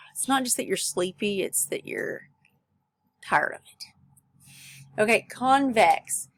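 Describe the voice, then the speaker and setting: A woman's voice: on the low side, gravelly. A woman teacher explaining vocabulary words, then reading a novel chapter aloud to her students. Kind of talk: vocabulary lesson and read-aloud. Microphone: recorded lesson video.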